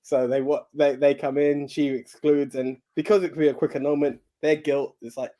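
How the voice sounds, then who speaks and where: A podcast co-host whose first language is Russian chats loosely about movies in a voice on the high side, at a moderate pace with few pauses. He's lively and rambling, laughs a lot, and often restarts his sentences.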